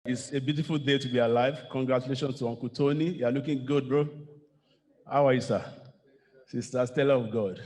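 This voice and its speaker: A man's voice: mid-range voice, fairly even intonation, brisk, a little mellow. A man hosting a church birthday celebration as master of ceremonies, upbeat and formal. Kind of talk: event hosting. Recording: echoey hall with faint noise.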